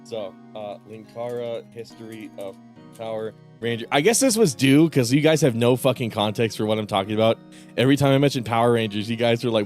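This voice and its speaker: Male streamer, casual, swears a lot, laughs often, average pitch, faint music behind. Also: a little fast, a little mellow. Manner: profane, laughing asides. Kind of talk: casual live gaming commentary.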